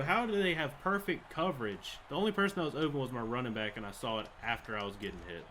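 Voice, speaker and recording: A man's voice: mid-range voice, big pitch swings, fast, few pauses, a bit bright, slight background noise. A young man giving live commentary over a football video game, frustrated and swearing as he rants about the plays. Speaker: gaming channel host.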